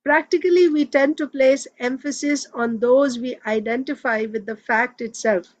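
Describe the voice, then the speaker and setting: A woman's voice: high-pitched, normal speed, natural voice, poor audio. A woman reading the lines of a rambling, agitated young man heckling a speaker. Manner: rambling, insistent.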